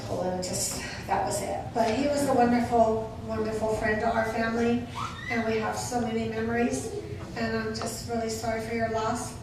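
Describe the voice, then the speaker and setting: Older woman, eulogy speaker, slightly high voice, distant mic in a big echoing hall with noise. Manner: warm storytelling with fond laughs. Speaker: memorial speaker. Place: memorial service hall. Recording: echoey hall from far off, noisy.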